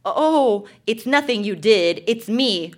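A woman's voice: fairly high pitch, expressive, takes it slowly. A woman voicing a hesitant, mumbling teenage boyfriend while reading a diary aloud on a stage. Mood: sullen. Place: live venue stage.

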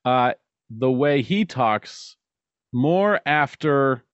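A man with an ordinary pitch chats on a podcast. He rambles and stops to search for the right words. The recording is dry and slightly muffled. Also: animated, drawn-out words, clear, resonant tone, no echo. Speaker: podcast co-host. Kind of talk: casual chat. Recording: dull, dry podcast mic.

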